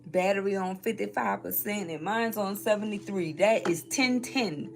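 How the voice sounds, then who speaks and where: A woman from New Orleans, Louisiana, works as a spiritual reader and chats casually through a tarot reading on a live stream, laughing often. Her voice is medium-pitched with vocal fry, her pace is normal, and faint music plays behind her.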